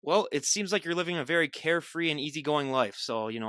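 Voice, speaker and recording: A man's voice: fairly high pitch, expressive, quick pace, fairly bright tone, smooth, no echo, clean studio sound. A man hosting a podcast, asking questions in a teasing, laughing way. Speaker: podcast host. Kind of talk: casual interview.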